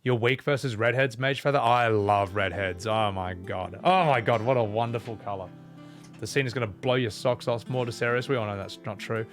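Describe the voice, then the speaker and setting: A man's voice: medium pitch, brisk, fairly bright tone, faint music behind. A young man giving sarcastic, sweary live commentary while streaming a game and reading chat.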